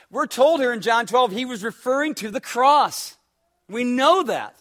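A man's voice: extremely high pitch, animated, unhurried, a bit bright. A man preaching a sermon as pastor, pressing his listeners with repeated rhetorical questions and acting out a story in quoted dialogue.

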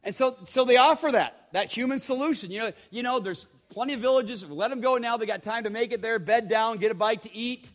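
A pastor with a high-pitched voice preaching to his congregation. His delivery is conversational, with repeated words and direct questions to the listeners. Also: a little fast, hardly any pauses. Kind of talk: sermon.

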